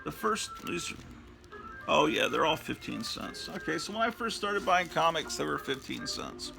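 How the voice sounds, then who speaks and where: A man's voice: a little high, very animated, moderate pace, creaky, low-quality recording. A man in his fifties hosting a casual show-and-tell about his old comics, rambling and reminiscing with lots of fillers. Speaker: comic book collector and host. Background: background music.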